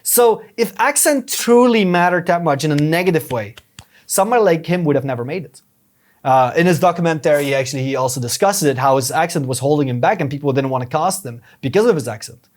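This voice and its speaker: A young man with a non-native English accent talks earnestly on a podcast, his voice sitting a little higher than most. He explains things step by step, often restarting his sentences. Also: fairly quick. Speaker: podcast guest, YouTube strategist. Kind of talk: casual advice talk.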